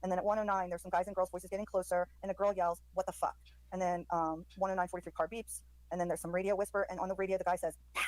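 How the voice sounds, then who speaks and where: Fast-talking woman, dry close sound. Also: on the low side, flat delivery, darkish tone, no echo, low-quality recording. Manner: hesitant, many ums, quoting overheard lines. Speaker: commentator describing audio. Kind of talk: live stream commentary.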